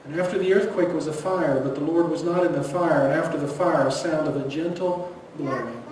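A man, a pastor preaching a sermon in a church, swinging between loud emphasis and hushed near-whispers. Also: a little high. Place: church sanctuary. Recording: echoey hall, distant mic, faint noise.

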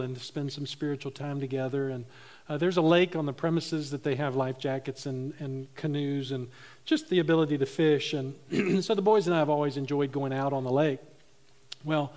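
A man's voice: fairly high pitch, darkish tone. A middle-aged man preaching a sermon, telling funny stories and laughing at his own jokes. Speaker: pastor.

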